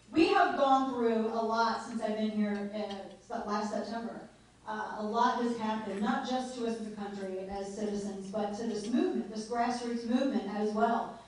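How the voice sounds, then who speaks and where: A woman giving a joking, informal speech to a live audience at a political meeting. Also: fairly high pitch. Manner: chatty and joking, laughs often. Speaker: guest speaker at a political meeting. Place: meeting hall. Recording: echoey hall heard from far off.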